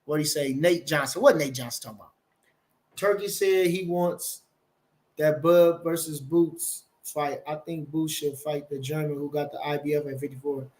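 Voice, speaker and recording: A man with a high-set voice talks boxing on his own live stream. He rambles, swears freely and presses his points hard, stopping now and then to read viewer comments aloud. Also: steady tone, moderate pace, darkish tone. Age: older. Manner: swearing, rambling, emphatic, reads chat aloud. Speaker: boxing channel host.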